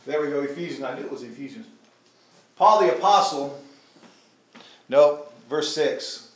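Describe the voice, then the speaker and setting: A man's voice: fairly high pitch, expressive, normal speed, reverberant. A man preaching a sermon in a conversational way, with asides to the congregation. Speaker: pastor. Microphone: handheld or stand mic.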